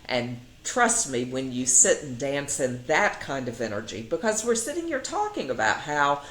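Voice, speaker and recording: A middle-aged woman with a low voice, a psychiatrist appearing as an interview guest, tells stories casually at a normal speed. She is animated, acts out the voices of people she quotes, and laughs often, all in an echoey, roomy space.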